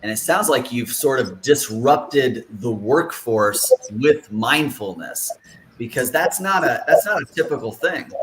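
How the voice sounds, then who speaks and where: A man's voice: medium pitch, expressive, a little slow, very noisy. A man hosting a casual interview over a video call, joking and chatty, often restarting his sentences. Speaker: interview host.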